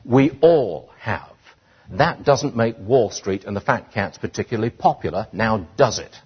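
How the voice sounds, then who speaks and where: A man with a British accent giving an animated public speech to an audience, building to indignant emphasis. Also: medium pitch, slightly rough. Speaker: speaker addressing an audience. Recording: dull lo-fi sound.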